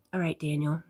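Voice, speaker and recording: A woman's voice: sits low, warm tone, slightly rough. A woman hosting a casual livestream, reading out viewer comments and chatting back in a friendly way. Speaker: livestream host reading chat. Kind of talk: casual chat.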